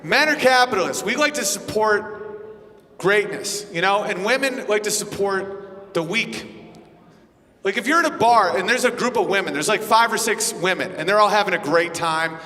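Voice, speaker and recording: A brash, profane man delivering a stand-up set in a high, bright, ringing voice. He slips in and out of quick impressions as he talks. His voice carries a long hall reverb. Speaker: stand-up comedian. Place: comedy venue with live audience.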